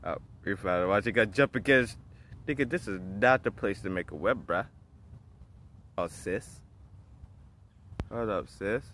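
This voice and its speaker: A man's voice: fairly low pitch, measured pace, pauses often, a bit bright, slight background noise. A man casually vlogging in an office, laughing often and talking in slang. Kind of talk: casual vlog chat. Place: indoors in an office.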